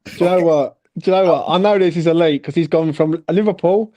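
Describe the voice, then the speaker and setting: A man's voice: fairly high pitch, a little fast, mellow. A man hosting a casual football chat stream, laughing, swearing and full of slang. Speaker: podcast host.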